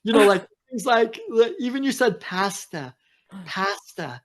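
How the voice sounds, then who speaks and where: A man's voice: extremely high pitch, fairly quick. Emphatic man. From United States. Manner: animated, emphatic storyteller. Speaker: guest. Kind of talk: casual chat.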